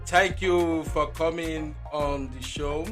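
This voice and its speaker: A man's voice: on the high side, fairly even intonation, slow pace, soft background music. A man hosting a podcast interview, friendly and teasing. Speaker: podcast host.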